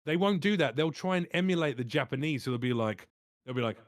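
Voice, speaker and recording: A man working as a voice actor, chatting as a podcast guest and telling stories with animated energy and casual swearing. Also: on the high side, fast talker, no room sound, studio quality. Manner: animated storyteller, swears freely. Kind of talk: casual chat.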